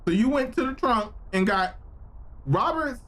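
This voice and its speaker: A man streaming a game live, reacting with loud, profane exclamations and joking with his chat in slang. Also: extremely high pitch, lively intonation, measured pace. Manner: slangy, playful banter with chat. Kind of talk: live gameplay reaction commentary.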